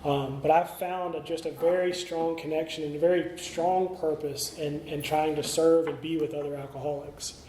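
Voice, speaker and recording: In an echoey meeting room with faint ambience and slight background noise, a middle-aged man shares his recovery story openly, stumbling through many fillers and restarts. He speaks at a moderate pace in a fairly high, dark voice with fairly even intonation.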